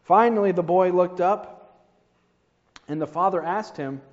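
A man's voice: high-pitched, unhurried, long pauses. A man preaching a sermon in a conversational way, with rhetorical asides to the congregation. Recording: dull reverberant hall recording.

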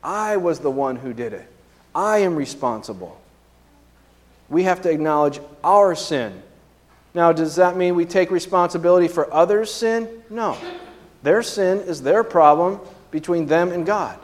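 A man's voice: fairly high pitch, lively intonation, measured pace, in a large hall. A man preaching a sermon as pastor, in a conversational way with frequent tag questions and fillers.

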